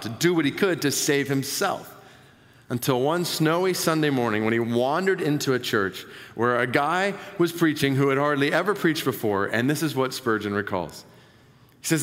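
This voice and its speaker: A man's voice: a little high, a bit bright, in a large hall. A man preaching a sermon, reading a quoted conversion story aloud with earnest, emphatic delivery.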